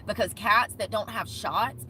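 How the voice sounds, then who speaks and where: Young van life lady ranting to camera, bright sharp voice, cusses a lot. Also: mid-range voice, measured pace, slight background noise. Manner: indignant, profane, quotes people in short bursts. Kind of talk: ranting vlog storytime.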